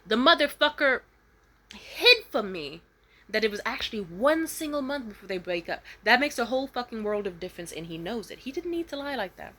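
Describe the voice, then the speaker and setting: A young woman vlogging a casual storytime rant, swearing freely and switching to high, loud voices when she quotes people. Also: quick pace, hardly any pauses. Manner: animated, profane, jumps into high voices when quoting.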